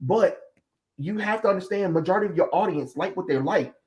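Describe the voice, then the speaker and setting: Man ranting bluntly, fairly high voice. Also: a little fast, darkish tone. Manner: heated, blunt ranting with profanity. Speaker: stream host. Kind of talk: casual chat.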